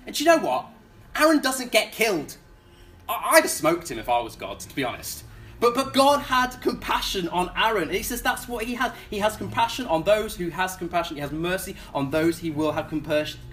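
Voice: mid-range voice, animated, moderate pace, a bit bright, faint music behind. A preacher delivering a sermon in a casual, conversational way, often repeating words and putting questions to the congregation.

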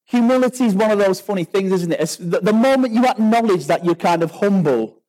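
A man's voice: sits high, lively intonation, brisk, darkish tone, poor audio. A man with a British accent giving an informal, chatty sermon, telling stories with many restarts and rhetorical questions. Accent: British English. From Britain. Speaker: preacher.

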